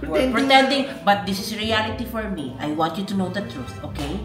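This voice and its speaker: A woman's voice: medium pitch, expressive, a little fast. A woman with a Filipino accent hosting a playful family vlog, teasing and coaxing like a mock-serious judge. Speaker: vlog host and mother. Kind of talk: playful family vlog chat mixing English and Tagalog. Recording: roomy echo with loud background music.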